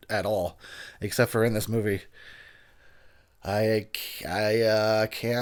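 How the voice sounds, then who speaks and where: A tipsy man talks over a film in a loose, rambling commentary. He laughs often and lets his sentences trail and restart. His pitch leaps up when he jokes. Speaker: movie commentary host. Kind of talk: casual drunken movie commentary.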